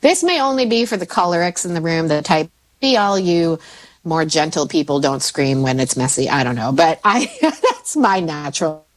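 A woman in her forties, a mindset coach, talking casually and jumping up in pitch when she quotes herself. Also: normal speed. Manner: animated, swoops into high pitch when quoting herself. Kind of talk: casual podcast chat.

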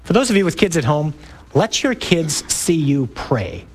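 A man preaching with a lively, swooping delivery that climbs high when he presses a point. He is a priest talking to a group of men, conversational and emphatic, and he throws in rhetorical questions. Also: normal speed. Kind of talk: talk to a men's group.

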